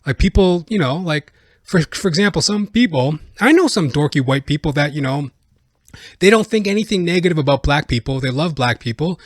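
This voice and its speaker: A man's voice: a little high, lively intonation, fairly quick, no echo. A man hosting a comedy podcast, reacting in a rambling, profane rant full of filler words, into a close microphone. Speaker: podcast host.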